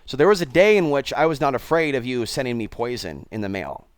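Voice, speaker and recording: Man host, blunt rambling commentary, smooth resonant voice, dry close sound. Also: mid-range voice, sing-song, brisk, dry recording. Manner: blunt, digressive, talks to viewers. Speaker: channel host.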